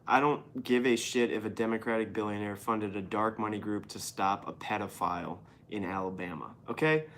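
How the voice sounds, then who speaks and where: A man's voice: lowish voice, steady tone, moderate pace, a bit bright, a little hiss or hum. A man reads news headlines aloud and riffs on them as host of a casual show. He is irreverent and sarcastic, swearing freely as he comments. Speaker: podcast host reading the news.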